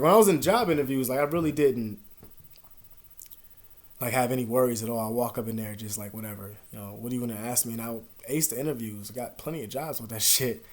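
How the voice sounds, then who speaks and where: Young male vlogger, casual and profane, mid-pitched voice, rambling, swings from mumbling to loud bursts. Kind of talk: casual confessional talk to camera. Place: at home.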